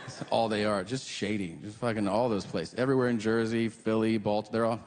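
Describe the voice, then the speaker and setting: A middle-aged man performing a stand-up comedy set, animated and acting out characters in silly voices. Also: on the low side, normal speed. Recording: long hall reverb with audience noise.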